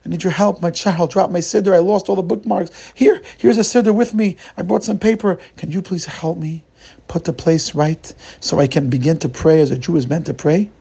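A man's voice: high-pitched, fairly quick, creaky, warm tone, husky, heavily acted. A man voicing a simple, anxious innkeeper who stammers and pleads. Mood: desperate.

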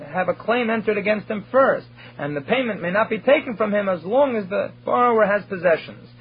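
A man's voice: high-pitched, animated, a little fast. A man teaching a recorded study lecture, explaining and translating Hebrew terms phrase by phrase. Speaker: Torah teacher. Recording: dull lo-fi recording.

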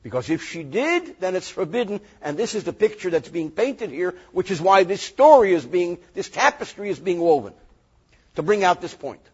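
Male rabbi, reading, lively joking lesson; raspy tone and a muffled, low-fi recording. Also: normal speed. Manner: animated, joking, reads Hebrew verses then translates. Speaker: rabbi teaching Torah.

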